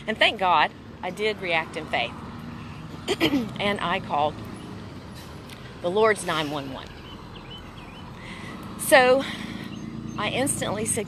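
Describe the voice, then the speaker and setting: A woman's voice: medium pitch, animated, takes it slowly, pauses often, background noise. A woman host sharing a personal faith testimony in casual conversation, earnest and emphatic, repeating phrases for weight. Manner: earnest preaching tone.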